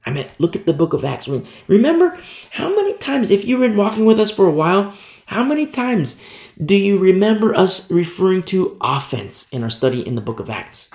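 Man preaching a sermon, fervent and emphatic, gravelly, fairly high voice, roomy echo. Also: big pitch swings, brisk, a little mellow. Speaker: Bible teacher.

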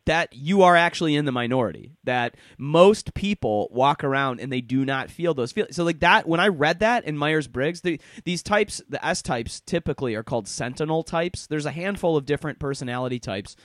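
Animated, foul-mouthed podcast co-host. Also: male voice, on the high side, fairly quick, few pauses, no echo, studio quality. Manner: animated, swearing, breaks into character voices. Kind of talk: casual chat.

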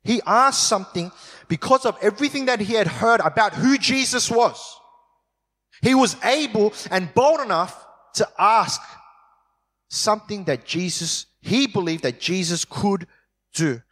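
A man preaches in a church hall, his voice sitting a little higher than most. He slows right down to press on key words. A long reverb rings behind him. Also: animated, fairly bright tone. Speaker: pastor. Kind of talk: sermon.

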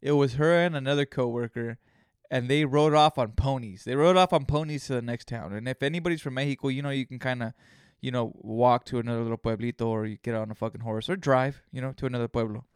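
A man talks through a solo podcast episode, drifting from story to story and swearing freely. His mid-pitched voice is smooth and resonant. The sound is dry and close to the mic. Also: fast, dry recording. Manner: rambling storytelling, heavy swearing. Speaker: podcast host. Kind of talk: casual solo podcast monologue.

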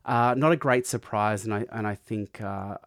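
A man's voice: on the low side, normal speed, fairly bright tone, dry recording, clean studio sound. A man, co-hosting a casual podcast chat, joking and laughing often. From Australia. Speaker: podcast co-host.

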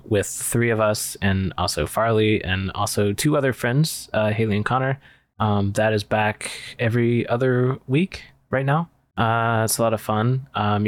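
Relaxed man hosting a podcast. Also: lowish voice, dry recording. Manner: relaxed, hesitant, lots of ums. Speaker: podcast host. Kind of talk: casual chat.

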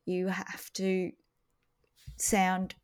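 Chatty woman, lowish voice. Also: smooth. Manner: chatty, animated, jumps in with quick reactions. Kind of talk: casual chat.

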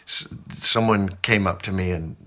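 A man in his sixties chatting casually as a guest, telling stories in an animated way and laughing often. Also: low voice, measured pace. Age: 60s. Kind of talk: casual chat.

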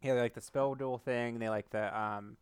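A man co-hosting a casual comedy podcast, playful and quick to play along with jokes. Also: medium pitch, fairly even intonation, very noisy. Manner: playful, giggly, goofs on bits. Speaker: podcast co-host.

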